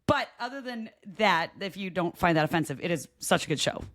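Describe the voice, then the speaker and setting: Animated, joking woman in a dry booth. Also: on the low side, a little fast, no room sound. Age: adult with children. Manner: expressive, reacts with gasps and jokes, swears casually. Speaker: podcast co-host. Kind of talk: casual chat.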